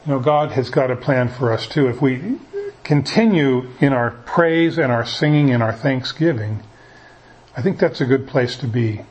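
A man giving a conversational sermon, talking in a folksy, halting way with frequent restarts. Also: mid-range voice, darkish tone, low-quality recording. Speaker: preacher.

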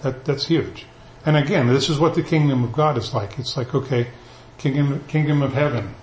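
A man's voice: mid-range voice, normal speed, a little hiss or hum. Conversational male pastor in an echoey church. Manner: conversational, animated, paraphrases scripture in everyday talk. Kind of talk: sermon. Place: church sanctuary.

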